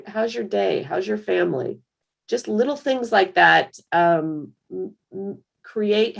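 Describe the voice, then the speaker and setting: A woman giving a conversational screen-share software tutorial for managers, full of fillers and restarts. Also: lowish voice, vocal fry. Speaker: software trainer.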